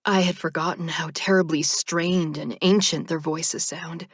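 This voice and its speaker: A woman narrates an audiobook in the first person. She speaks slowly in a lowish, husky voice, and the recording is close and dry. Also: steady tone, no room sound.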